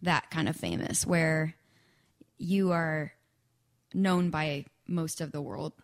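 Chatty young woman, lowish voice. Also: takes it slowly. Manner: chatty, frequent fillers and laughs, acts out quoted speech. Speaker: guest songwriter. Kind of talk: casual chat.

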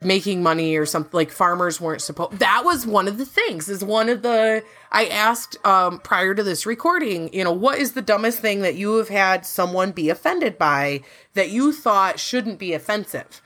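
A woman hosting a casual podcast chat, talkative and quick to laugh, often restarting her sentences. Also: mid-range voice, lively intonation, a bit bright. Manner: chatty, laughs easily, rambling restarts. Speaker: podcast host; works in farm market analysis.

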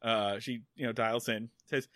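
A man's voice: medium pitch, steady tone, unhurried, fairly bright tone, no room sound, studio quality. A man co-hosting a podcast, retelling an episode's plot in casual chat and acting out the characters' lines. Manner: storytelling, acts out character lines. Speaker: podcast co-host.

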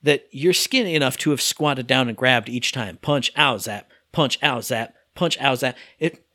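A man co-hosting a podcast reviews a game in a casual chat, ranting about it and mimicking the characters' lines in exaggerated voices. He has a mid-range, sharp-toned voice at a normal pace, recorded at studio quality with no echo.

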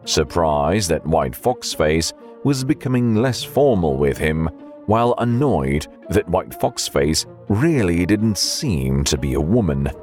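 A man narrating an audiobook with measured storytelling and faint music behind. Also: sits low, a little mellow.

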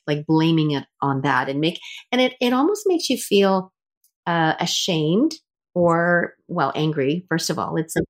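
A woman's voice: lowish voice, expressive, a little slow. A middle-aged woman hosting a casual interview, telling stories in a chatty way with many restarts. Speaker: host.

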